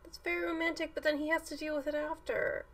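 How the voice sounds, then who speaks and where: High, swearing woman yelling at the screen. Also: level tone, fast talker. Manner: profane, talks back at the screen. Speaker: reaction video host. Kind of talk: emotional TV episode reaction.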